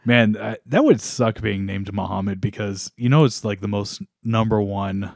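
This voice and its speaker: A man with a somewhat low voice chats on a podcast, rambling with fillers and cracking jokes. He laughs a lot. The sound is close and dry, with no room echo. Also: moderate pace, creaky, a little mellow. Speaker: podcast co-host. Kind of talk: casual chat.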